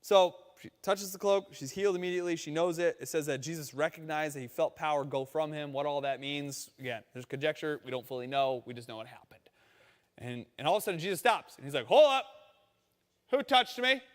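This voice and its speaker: A man preaching a sermon in a conversational, animated storytelling manner, acting out quotes along the way. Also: a little high, fast, big-room sound. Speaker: pastor.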